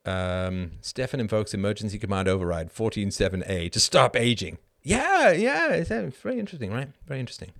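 A middle-aged man hosting a live show, answering chat questions in an animated monologue that keeps tossing in a rhetorical "right?". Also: lowish voice, quick pace, vocal fry, few pauses. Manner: animated, frequent rhetorical "right?", laughs mid-sentence. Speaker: host.

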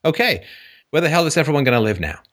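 A man hosting a call-in show, talking in an animated, joking way with frequent restarts. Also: a little high, fast. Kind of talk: casual call-in conversation.

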